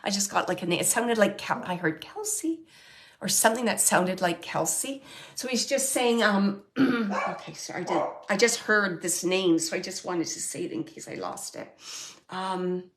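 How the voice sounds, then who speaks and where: Hosting a show, a woman does a live mediumship reading, earnest but halting, full of fillers and restarts, and she keeps checking in with the person she's reading for. Her voice is medium in pitch with lively intonation.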